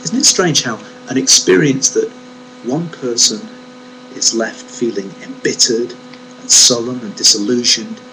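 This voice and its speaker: A man's voice: mid-range voice, unhurried, low-quality recording. A man giving a reflective devotional talk on a Bible verse, emphatic and fond of rhetorical questions. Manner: emphatic, rhetorical questions, stresses key words. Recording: steady mains hum under the voice.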